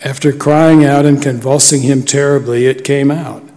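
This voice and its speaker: A man giving a measured, solemn scripture reading in a church. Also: mid-range voice, fairly even intonation, a little mellow. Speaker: scripture reader. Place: church sanctuary. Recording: long church reverb.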